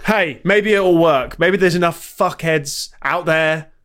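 A man with a fairly high, fairly bright voice speaks slowly as co-host of a comedy podcast. Seated at a home studio desk mic, he bickers and banters in a dry, mocking tone.

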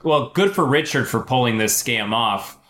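A man's voice: medium pitch, lively intonation, normal speed, fairly bright tone, echoey room. A man chatting casually as a podcast co-host, playful, stammering at starts and acting out quoted lines. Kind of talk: casual chat.

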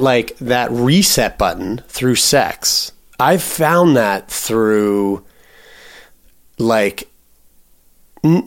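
A man co-hosting a podcast who tells a long story in a loose, rambling way, full of fillers and restarts. His pitch sits mid-range for a man, and the talk stays casual and conversational. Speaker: podcast co-host.

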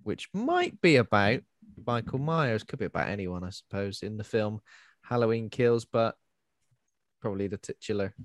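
A man's voice: fairly low pitch, sing-song, moderate pace, no echo, studio quality. A man co-hosting a casual podcast chat, rambling with fillers. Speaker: podcast co-host.

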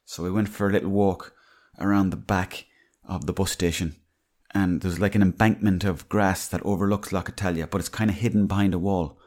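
A man's voice: sits low, fairly even intonation, fairly quick, a little mellow. An Irish man hosting a podcast, telling rambling, salty anecdotes in a casual monologue. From Ireland. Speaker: podcast host.

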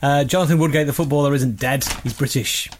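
A man's voice: mid-range voice, fast talker, slight background noise. Jokey man hosting a quiz podcast. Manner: jokey, amused, often laughing at own reading. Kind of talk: casual podcast chat, reading listener jokes.

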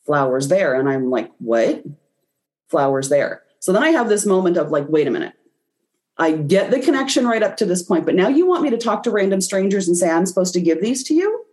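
A woman's voice: lowish voice, big pitch swings, fairly quick, a little mellow. A woman guest in an interview, telling a personal story and acting out her own reactions as she goes. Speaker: guest, intuitive reader.

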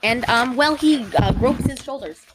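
Woman podcast co-host, higher voice, giggly rambler, casual review banter. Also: moderate pace, background noise. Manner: rambling and giggly, full of fillers. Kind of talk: casual movie review chat.

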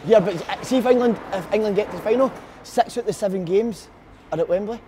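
Scottish guy, high voice, chatty football talk, busy chatter behind. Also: fast. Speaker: podcast panelist. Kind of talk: casual football chat.

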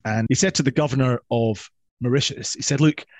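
A man telling a history story with playful, emphatic energy, his pitch in a middle register. The sound is close and dry, with no room echo. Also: a little fast, a little mellow. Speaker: guest historian.

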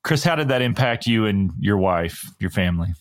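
A man hosting a podcast who asks his guest questions in a gentle, inquiring way. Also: fairly low pitch, expressive, moderate pace, no echo, clean studio sound. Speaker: podcast host. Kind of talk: interview questions.

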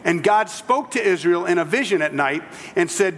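A man's voice: sits high, animated, normal speed, pushed and bright, in a large hall. A man preaching a sermon, telling the story in a conversational way with humorous asides. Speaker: pastor.

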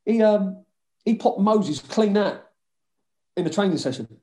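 A man's voice: high-pitched, animated, measured pace, dark tone, echoey room. A man with a London accent, a former footballer telling dressing-room stories in a casual chat, swearing freely and laughing often. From London (Hackney).

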